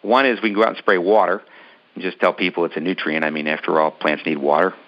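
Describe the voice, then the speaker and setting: A man's voice: sits low, fairly even intonation, fast, lo-fi sound. A man casually telling a long personal story in an interview, rambling with many ums and restarts. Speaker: business owner telling his story.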